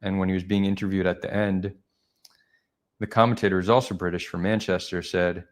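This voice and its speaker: A man's voice: low voice, steady tone, fairly quick. A man hosting a live stream, chatting casually and reflectively with viewers, rambling a little as he goes.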